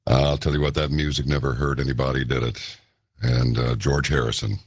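Radio host, man with an extremely low, husky voice, folksy and chatty, close dry mic. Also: flat delivery, a little fast, dry recording. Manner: folksy, chatty, interjects with brief affirmations. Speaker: radio talk show host. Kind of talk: late-night radio interview.

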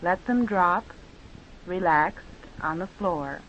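A woman teacher leading children through movement and speech exercises with slow, patient, drawn-out instructions. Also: medium pitch, lively intonation. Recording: dull lo-fi recording.

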